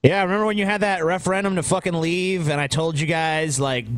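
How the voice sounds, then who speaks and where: A man hosting a podcast, gloating and swearing loudly in casual chat. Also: fairly high pitch, fairly quick, no echo. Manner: loud, gloating, swears constantly. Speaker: podcast host.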